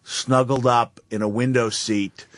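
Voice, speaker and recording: A man's voice: mid-range voice, steady tone, a little slow, no echo. A man telling self-deprecating stories with a chuckle as a guest on a talk show. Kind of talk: casual storytelling.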